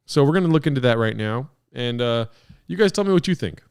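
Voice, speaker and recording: A young man hosting a podcast, reacting to fan-made songs with excitable, profane joking. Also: medium pitch, fast talker, gravelly, clear, resonant tone. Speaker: podcast host.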